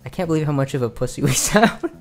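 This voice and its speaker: A man's voice: fairly high pitch, animated, fast talker, soft background music. A man hosting a podcast in casual chat, teasing and a little boastful. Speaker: podcast host.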